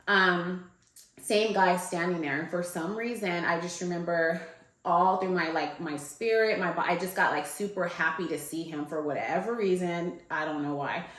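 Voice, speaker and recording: A woman's voice: lowish voice, fairly bright tone. A woman telling a personal story in a loose, chatty way, full of fillers like "like" and "um". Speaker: guest. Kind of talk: casual storytelling. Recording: echoey room.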